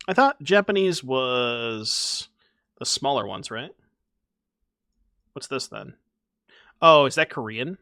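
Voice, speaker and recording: A man's voice: medium pitch, sharp tone, dry recording, studio quality. A young man streaming a card game, chatting casually with his audience and joking about himself. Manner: chatty, self-mocking, talks to chat. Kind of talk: casual gameplay commentary.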